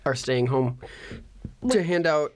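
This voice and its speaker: A man's voice: medium pitch, slow pace, no echo. Playful teasing man, dry sound. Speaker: podcast host. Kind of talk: casual chat with his daughter.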